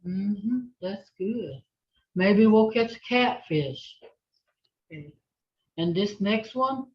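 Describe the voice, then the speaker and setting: A woman leads a language class over a video call, speaking very slowly and patiently as she models each word to be repeated. The audio is dull and lo-fi, like a compressed call. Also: mid-range voice. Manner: patient, slow, repeats words for the learner. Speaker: language instructor. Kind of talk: online language lesson with call and response.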